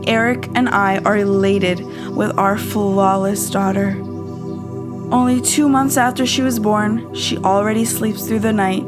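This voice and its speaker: A woman reading a scripted horror story in a calm, measured storytelling manner. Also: medium pitch. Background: loud music.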